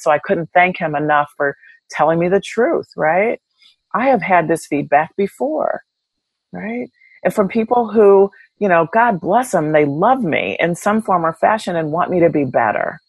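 A woman's voice: deep voice, normal speed, slightly rough, dry recording, low-quality recording. A woman guest in an interview, telling stories candidly and reflectively, with many fillers and restarts. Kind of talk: conversational interview.

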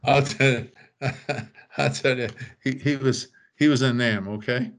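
Older man telling animated stories. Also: medium pitch, a little slow, gravelly, slight background noise. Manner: animated, acts out quoted voices. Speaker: storyteller guest. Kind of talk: casual anecdote telling.

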